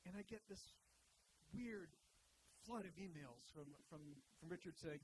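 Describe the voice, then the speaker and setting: Wry storytelling man, slightly high voice. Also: measured pace, slight background noise, low-quality recording. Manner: conversational, wry, addresses the audience directly. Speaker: stand-up comedian. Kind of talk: stand-up storytelling. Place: live venue.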